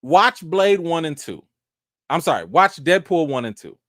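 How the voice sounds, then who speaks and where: Man, live-stream host, very lively pitch, mock outrage, slangy casual talk, dry close sound. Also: measured pace, no room sound. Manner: animated, teasing, swings between loud mock outrage and low mumbling; slangy casual speech with frequent restarts. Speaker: host of a live chat show. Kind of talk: casual live-stream chat reading viewer comments.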